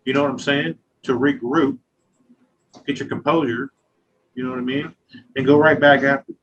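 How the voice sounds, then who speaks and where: A man's voice: medium pitch, steady tone, normal speed, fairly bright tone, lo-fi sound, slight background noise. A man in his thirties, a glass artist, talking casually and profanely in an interview, telling stories with lots of filler phrases. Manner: profane, loose, storytelling with acted quotes.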